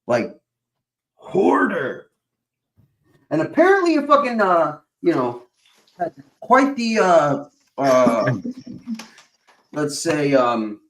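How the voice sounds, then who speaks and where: A man's voice: on the high side, sing-song, takes it slowly, long pauses, a bit bright. A man hosting a stream, rambling in casual chat, swearing constantly and filling gaps with uh and whatchamacallit. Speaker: stream host.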